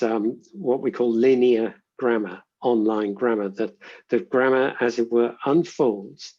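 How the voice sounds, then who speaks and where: A man, a linguistics professor, giving measured, reflective answers in an interview and often pausing to rephrase. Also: medium pitch, warm tone, husky, highs cut off.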